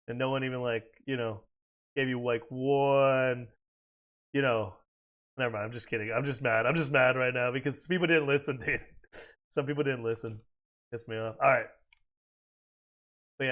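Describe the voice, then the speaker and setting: Streaming a game, an American man chats casually and with profanity, rambling between his reactions to the gameplay. His mid-range, fairly bright voice moves briskly but pauses often.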